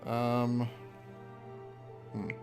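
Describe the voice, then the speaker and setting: A man giving casual commentary while playing a card game, thinking aloud with a hesitant, halting manner and frequent ums. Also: medium pitch, little pitch movement. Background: background music.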